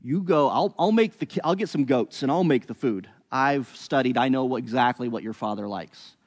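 A man's voice: mid-range voice, normal speed, in a large hall, close to an everyday voice. A man voicing a determined mother who lays out a plan, talking persuasively and plainly. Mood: scheming. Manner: persuasive, planning aloud. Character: scheming determined mother, woman, middle-aged.

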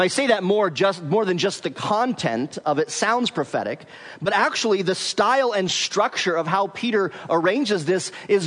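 High-voiced male pastor in a reverberant hall. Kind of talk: expository sermon.

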